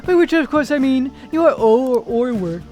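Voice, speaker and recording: A man's voice: extremely high pitch, animated, measured pace, a little mellow, faint music behind. A man reading a pompous, grandiose young male artist aloud on stream, with theatrical, flowery speech.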